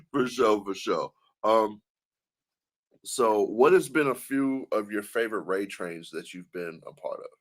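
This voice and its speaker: A man's voice: lowish voice, expressive, a little slow. A man hosting a casual stream interview, laid-back and loose, laughing easily.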